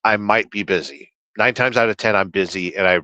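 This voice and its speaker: Trucker guy ranting on his livestream, reads the chat out loud, dry sound. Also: on the low side, brisk, no echo, highs cut off. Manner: rambling, opinionated, reads chat aloud.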